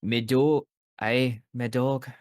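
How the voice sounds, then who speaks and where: A man voicing an imposing male traveling investigator who speaks in a gruff, blunt, street-slang way in a tabletop game. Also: medium pitch, steady tone, takes it slowly, dry recording, natural voice. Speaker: player.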